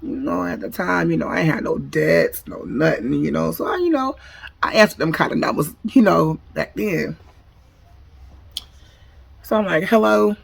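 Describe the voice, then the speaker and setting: Woman spilling a storytime, super gravelly voice, kinda husky, talks right to y'all. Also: low voice, expressive, moderate pace, long pauses. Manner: slangy, addresses the viewers directly. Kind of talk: casual storytime chat.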